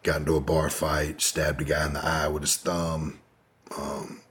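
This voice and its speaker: A man's voice: a bass voice, monotone, moderate pace, a bit bright, husky. A man telling a long personal story as an interview guest, candid and rambling, with frequent profanity and fillers.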